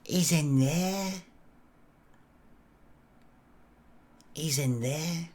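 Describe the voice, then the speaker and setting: A man's voice: fairly high pitch, takes it slowly, a little mellow. A man voicing a secretive, evasive English woman with a Blackpool accent who trails off vaguely. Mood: hushed.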